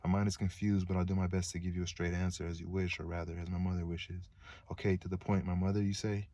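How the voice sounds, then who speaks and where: A man's voice: sits low, little pitch movement, fast talker, warm tone, dull audio, natural voice. A man reading the lines of a bitter, sarcastic young prince in his own plain voice.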